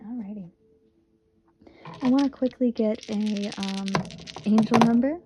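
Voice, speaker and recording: A woman's voice: fairly high pitch, unhurried, mellow, slight background noise, rough recording. A woman in her twenties from Michigan, giving a casual, earnest tarot reading and repeating phrases for emphasis. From Michigan, USA. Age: 20s. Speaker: tarot reader.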